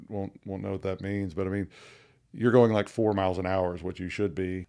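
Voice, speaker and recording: Low gravelly male podcast co-host. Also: darkish tone. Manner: conversational, explains at length with restarts. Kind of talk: casual legal discussion.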